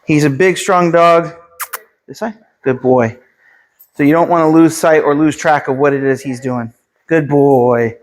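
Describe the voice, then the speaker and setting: A fairly high-voiced man teaching dog training, speaking in a calm, steady way. He gives clipped commands and quick praise to the dog between his explanations. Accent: Pennsylvania. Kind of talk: instructional dog training video.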